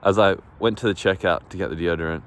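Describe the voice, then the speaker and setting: Rambling young man with a low voice. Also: steady tone, quick pace, smooth. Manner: rambling, lots of fillers and swearing, laughs often. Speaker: vlogger. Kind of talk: casual storytelling to camera. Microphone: phone on small tripod. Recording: faint street and traffic noise.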